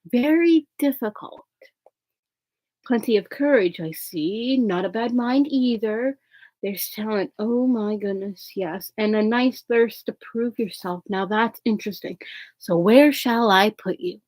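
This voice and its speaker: A woman voicing an old talking magic hat in a storybook reading, slow and pondering. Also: on the high side, darkish tone, dry recording, low-quality recording.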